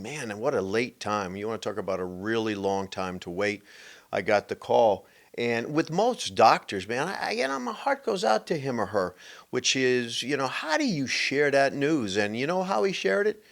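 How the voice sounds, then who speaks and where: A man's voice: medium pitch, lively intonation, normal speed, vocal fry, a bit bright. A middle-aged man hosting his show, telling his own story in a candid, conversational way with emphatic bursts and frequent fillers. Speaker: host. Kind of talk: personal storytelling monologue.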